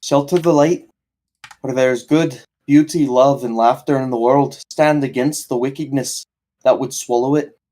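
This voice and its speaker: A man's voice: mid-range voice, steady tone, normal speed, dark tone, lightly acted. A man voicing a determined adventurer who repeats a paladin oath earnestly, close to his own voice.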